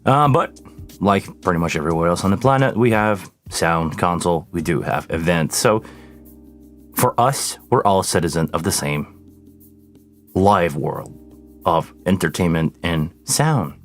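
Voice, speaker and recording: A man's voice: sits low, lively intonation, unhurried, soft background music. A man from hosting a casual live Q&A about sound gear, greeting viewers by name and jumping between thoughts. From Canada. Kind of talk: casual live-stream chat. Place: home studio with mixing console.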